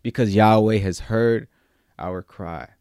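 A man preaching a sermon, moving between loud, emphatic peaks and quiet, low-key stretches, with casual slang mixed in. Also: slow, clear, resonant tone, no echo, studio quality.

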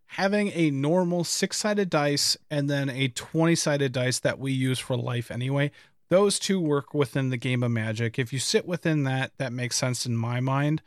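A man co-hosting a casual podcast, rambling and animated, laughing and swearing as he talks. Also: medium pitch, normal speed, no room sound, clean studio sound. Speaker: podcast co-host. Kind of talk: casual chat.

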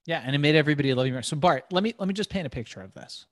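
A man telling a long animated story as a podcast guest, swearing freely and breaking into laughter. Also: on the high side, dry recording, studio quality. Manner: profane, animated, quick laughs.

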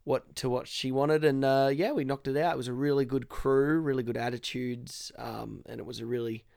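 A man co-hosting a film podcast in relaxed, casual chat, often pausing with fillers. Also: medium pitch, gravelly. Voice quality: relaxed, hesitant with many fillers. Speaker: podcast co-host.

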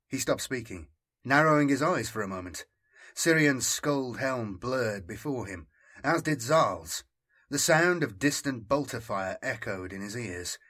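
A man narrating an audiobook in a slow, deliberate scripted reading. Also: medium pitch, pushed and bright.

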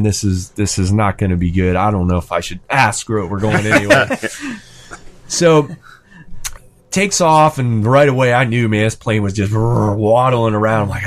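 A man in his thirties or forties tells a rambling story in a relaxed, everyday voice. He stumbles over fillers and restarts, and his pitch jumps way up whenever he acts out a quoted line. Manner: animated, rises sharply when quoting himself and his son. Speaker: storyteller in a hobby chat. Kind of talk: casual anecdote.

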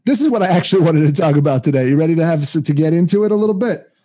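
A podcast co-host from the Jewish community who reads the weekly Torah portion, speaking in a voice on the high side with lively intonation and a warm tone. He races along in a casual faith conversation, chatty and often laughing as he retells a scripture story with restarts.

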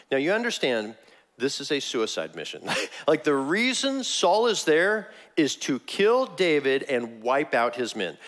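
A man preaching a sermon, telling the story with animated energy and frequent laughs. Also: on the high side. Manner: animated storytelling, laughs often, acts out quotes. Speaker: pastor.

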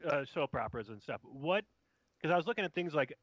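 A man's voice: fairly high pitch, animated, fast talker, a bit bright, husky, no echo, muffled recording. A man co-hosting a podcast, easygoing and casual, quizzing the others with trivia questions. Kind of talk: casual chat.

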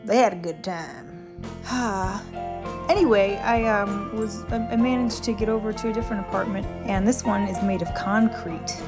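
A woman's voice: medium pitch, moderate pace. A woman hosting a comedy show, chatting casually with rambling, self-deprecating asides. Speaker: podcast host and voice actor. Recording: music playing behind.

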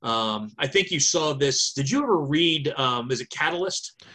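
A man talks at length on a podcast over a video call, chatty and thinking aloud. He pauses on fillers as he goes. His voice sits at an ordinary middle pitch. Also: lively intonation, bright, forceful tone. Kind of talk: casual chat.

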